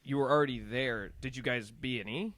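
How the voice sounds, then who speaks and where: A man's voice: mid-range voice, brisk, fairly bright tone, no room sound. A man co-hosting a podcast, chatting casually and asking curious follow-up questions. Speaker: podcast co-host. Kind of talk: casual chat.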